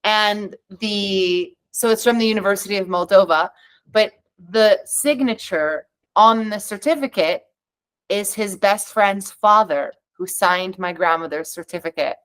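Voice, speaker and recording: A woman's voice: mid-range voice, measured pace, smooth, poor audio. Chatty woman telling her story. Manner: animated, acting out quoted dialogue; candid and chatty, with fillers. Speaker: podcast guest. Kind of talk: conversational storytelling.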